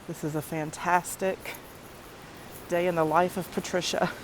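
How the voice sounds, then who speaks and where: A woman talking casually to her phone camera as she walks a nature path, gushing slowly and softly about the scenery. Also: fairly low pitch, flat delivery, background noise. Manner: slow, soft-spoken and effusive. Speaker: vlogger. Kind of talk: casual walking vlog.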